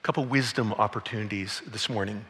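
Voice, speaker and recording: A man's voice: on the low side, a little fast, pushed and bright. A middle-aged man preaching a sermon as pastor, conversational and storytelling, with playful acted quotes. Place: church sanctuary. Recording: long reverb of a large hall.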